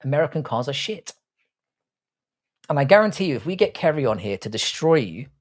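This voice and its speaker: A young man hosts a casual live stream, his voice swinging lively up and down as he talks. He teases his viewers with crude, swear-heavy banter. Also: on the high side, a little fast. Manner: crude, teasing, swears freely. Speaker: livestream host reading chat.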